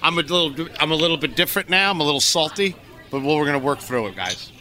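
A man's voice: on the high side, expressive, quick pace, bright, forceful tone. A man co-hosting a podcast, talking in a brash, profane, teasing way. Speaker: podcast co-host. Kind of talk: casual chat.

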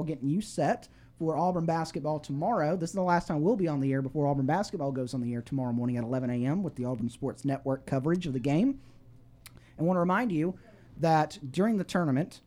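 On a call-in sports radio show, a male host reads out scores and chats casually, full of fillers and restarts. His voice is fairly high-pitched and mellow, recorded through a studio microphone.

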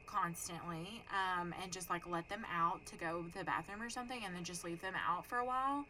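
A young adult woman tells a story on a podcast. Her voice is bright and clear. She swears freely and acts out the people she talks about, with a faint hum of noise behind her. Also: fairly low pitch, a little fast, low-quality recording. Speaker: podcast co-host. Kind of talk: casual chat, storytelling.

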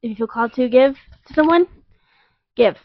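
A woman's voice: on the high side, a little fast, no room sound. A woman in her twenties hosting a casual podcast from a home basement, giggly and chatty with lots of "um" and "like". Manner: chatty, giggly, many fillers like "um" and "like". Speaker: podcast host. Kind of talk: casual chat. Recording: dull, lo-fi, dry sound.

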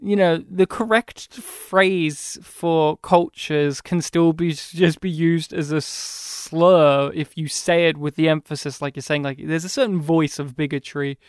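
Smooth-voiced Australian man chatting films. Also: fairly high pitch, fairly even intonation, dry recording, clean studio sound. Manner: chatty, quick asides and laughs. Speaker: podcast co-host. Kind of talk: casual film discussion.

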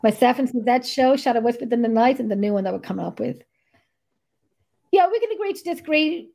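A woman's voice: on the high side, expressive, fast talker, creaky, mellow. An Irish woman hosting a podcast, chatting casually in a blunt, jokey way with casual swearing. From Ireland. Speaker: podcast host. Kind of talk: casual chat.

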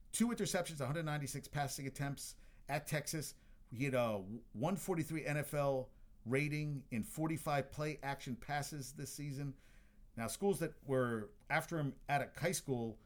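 A man hosting casual sports talk, blunt and opinionated, swearing freely as he runs through the news. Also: mid-range voice.

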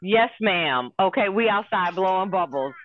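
A woman's voice: mid-range voice, expressive, moderate pace, highs cut off. A woman co-hosting a casual podcast, sassy and exasperated with her friends. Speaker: podcast co-host.

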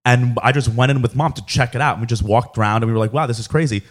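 A man's voice: mid-range voice, steady tone, fast. A young adult man talking as the son and co-host in a casual family chat, laid-back and loose, peppering his speech with "like.". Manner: laid-back, full of "like" fillers.

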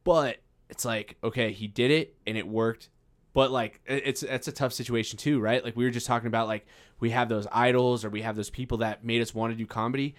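A man's voice: mid-range voice, steady tone, a little fast. A man, a comedian, in a casual podcast chat, reasoning aloud in rambling sentences that keep restarting. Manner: thoughtful, rambling with restarts, "I was about to say".

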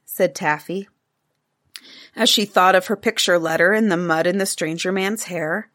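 A woman reading a children's storybook aloud in a lively, expressive way. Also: lowish voice, moderate pace.

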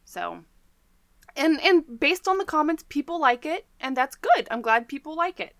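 A woman's voice: high voice, expressive, moderate pace, a bit bright, no echo. A woman co-hosting a podcast in casual chat, talking chattily and enthusiastically with lots of fillers. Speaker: podcast co-host.

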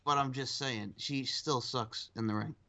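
Animated man chatting about wrestling. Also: unhurried, creaky. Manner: animated, laughs often, acts out quotes in a high voice. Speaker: podcast co-host. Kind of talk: casual wrestling chat.

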